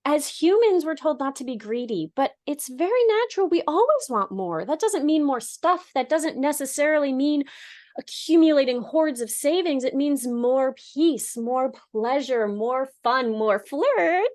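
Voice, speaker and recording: A woman's voice: high voice, lively intonation, unhurried, a little mellow. A woman hosting a casual interview, effusive and encouraging toward her guest. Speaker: host.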